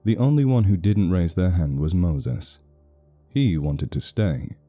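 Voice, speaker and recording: Very dark, deep male horror narrator. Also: very animated, measured pace, soft background music.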